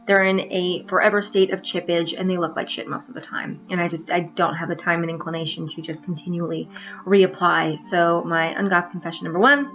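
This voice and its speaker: A woman's voice: lowish voice, level tone, a little fast, fairly bright tone, soft background music. Blunt, wry woman vlogger, lo-fi. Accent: neutral American, trained. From New York, US. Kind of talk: confessional vlog monologue.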